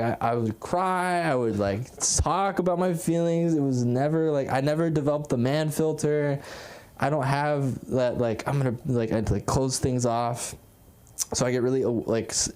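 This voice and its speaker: A man's voice: medium pitch, a little mellow, smooth. A young man doing a stand-up set at an open mic, rambling and self-deprecating, with lots of fillers. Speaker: stand-up comic. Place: comedy club stage.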